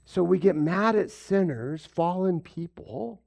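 A man's voice: takes it slowly, creaky, muffled recording. A man preaching a sermon as pastor, asking his listeners questions and acting out the lines he quotes. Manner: animated, acts out quoted voices with big pitch jumps; asks the congregation questions.

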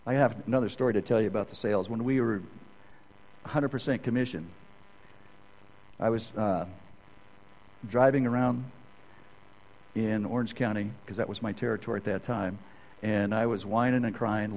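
A man's voice: fairly low pitch, steady tone, moderate pace, pauses often, a little mellow, poor audio. A middle-aged man teaching a conversational sermon, rambling through personal stories and often checking in with "okay?". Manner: rambling, keeps asking "okay?". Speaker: Bible teacher.

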